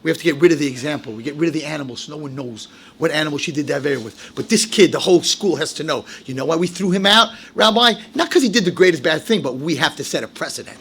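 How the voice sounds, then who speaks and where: A man giving a sermon as a rabbi, animated, dropping into low asides and rising into shouted, acted-out quotes. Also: quick pace, slightly rough. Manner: animated, swings from low asides to shouted high-pitched outbursts, acts out quotes. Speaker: rabbi giving a Torah lecture.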